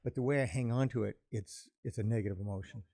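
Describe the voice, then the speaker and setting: Calm, warm-voiced man explaining feelings. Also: on the low side, fast, vocal fry, no echo, clean studio sound. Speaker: podcast host. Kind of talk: reflective conversation about emotions.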